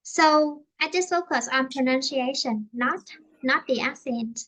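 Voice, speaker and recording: A woman from Vietnam with a Vietnamese accent, teaching an online English lesson in a halting way, often repeating and rephrasing herself. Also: high voice, a bit bright.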